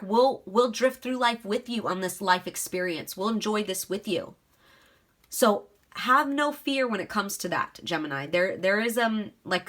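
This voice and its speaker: A woman's voice: mid-range voice, a bit bright. A woman giving a casual tarot reading, talking straight to her viewers in a chatty, reassuring way. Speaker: tarot reader.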